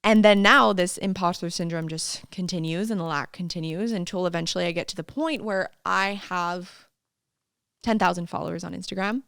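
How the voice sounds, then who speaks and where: Lively woman telling stories, dry sound. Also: fairly low pitch, moderate pace, vocal fry, smooth, no echo. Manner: lively storyteller who laughs and acts out quotes. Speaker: podcast guest, fitness coach. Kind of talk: casual interview chat.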